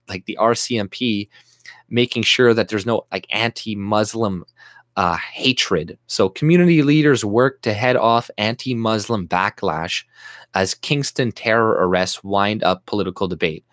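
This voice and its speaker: Low-voiced man ranting. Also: fairly bright tone, dry recording, studio quality. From Canada. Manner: agitated, profane, sarcastic, with frequent restarts. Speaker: YouTube commentator. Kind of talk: unscripted political rant to camera.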